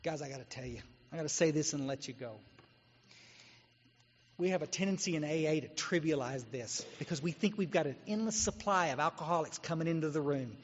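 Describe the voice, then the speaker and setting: A man's voice: a little high, expressive, fairly quick, a little hiss or hum. A man from Texas giving a guest talk at a recovery meeting, blunt and exhorting as he tells his story. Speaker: guest speaker. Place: meeting hall. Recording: dull echoey hall recording.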